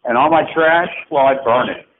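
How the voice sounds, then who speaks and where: A middle-aged man of medium pitch and moderate pace rants on a phone message. The angry ramble is profane, mocking, and erratic, with sarcastic swings, all over a tinny line with faint hiss.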